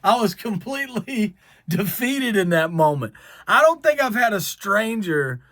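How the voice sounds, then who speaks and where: Southern drawl man, vlogger storytelling, self-mocking, fairly high voice, dry close sound. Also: big pitch swings, a little slow, fairly bright tone, dry recording. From American South. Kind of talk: storytelling to camera.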